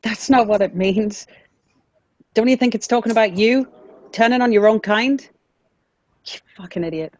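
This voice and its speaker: A woman's voice: fairly high pitch, moderate pace, pauses often, darkish tone, no echo, highs cut off, lightly acted. A woman playing a scornful, hostile female character in a tabletop role-playing game, speaking with a sneer. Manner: sneering, contemptuous.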